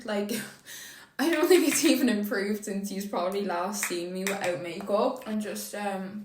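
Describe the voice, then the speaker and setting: A woman's voice: medium pitch, echoey room, rough recording. A young Irish woman vlogging casually while doing her makeup, chatty and emotional, with casual swearing. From Ireland. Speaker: beauty vlogger.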